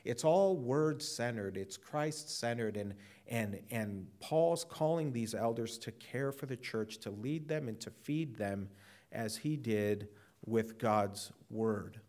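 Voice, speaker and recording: A man's voice: mid-range voice, takes it slowly, a little mellow. A man preaching a sermon in an earnest, sober way, often repeating words as he presses a point. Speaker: pastor.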